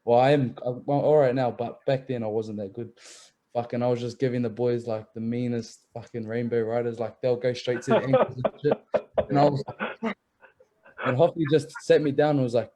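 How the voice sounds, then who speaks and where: Young kiwi bloke, mellow warm voice, laid-back storytelling, swears a lot. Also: male voice, mid-range voice, fairly even intonation, brisk. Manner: laid-back, swears freely, laughs through stories. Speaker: rugby league player, guest. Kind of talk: casual chat, storytelling.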